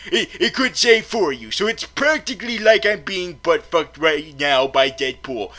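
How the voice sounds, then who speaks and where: A man's voice: high-pitched, bright, forceful tone. A man from Florida hosting a comedic film review skit, panicky and stammering as he rants.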